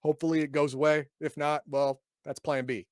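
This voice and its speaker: A man with a somewhat high voice reads from a role-playing book, then breaks off into wry, sarcastic comments. He trips over his words and repeats himself as he goes. The sound is dry and close. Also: little pitch movement, a little fast, a little mellow, no echo. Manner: stumbles and repeats words often. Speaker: podcast host reviewing a game book. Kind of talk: casual chat reading and riffing on a book.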